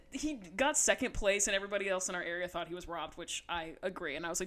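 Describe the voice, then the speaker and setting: A woman, co-hosting a podcast, telling a story in casual chat, animated and laughing, swearing freely. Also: on the low side, fast talker. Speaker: podcast co-host.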